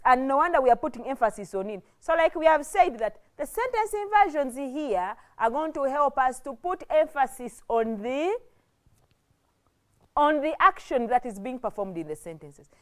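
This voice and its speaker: A woman's voice: high-pitched, sing-song, moderate pace. A woman with a Ugandan English accent teaching a classroom grammar lesson, explaining step by step and asking rhetorical questions.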